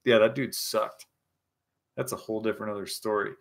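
A young man with a lowish, creaky voice speaks fairly quickly in a steady tone as he hosts a casual stream. Slightly drunk on scotch, he reads chat, tells rambling stories, swears freely, and laughs.

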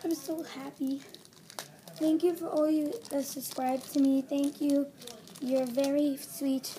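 A high-voiced female vlogger gushes and gasps as she unboxes, clearly thrilled. She talks at an unhurried, drawn-out pace. The home recording carries steady background noise. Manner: gushing, gasping, breathless excitement. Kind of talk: excited doll unboxing vlog.

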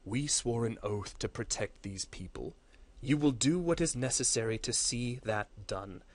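A man voicing a grave, imposing male warrior lord in a story reading, speaking low, solemn and measured. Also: lively intonation, no echo.

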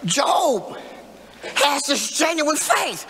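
A man preaching a sermon in call-and-response style, building to emphatic shouts. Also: very high-pitched, sing-song, drawn-out words, creaky, noisy background. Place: church sanctuary. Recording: echoey church hall reverb.

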